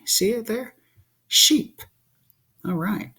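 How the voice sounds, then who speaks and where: A man teaching young children, sounding out letters slowly and asking them questions as he draws. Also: fairly high pitch, wildly swooping pitch, fairly bright tone, slight background noise. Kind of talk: slow children's phonics lesson while drawing.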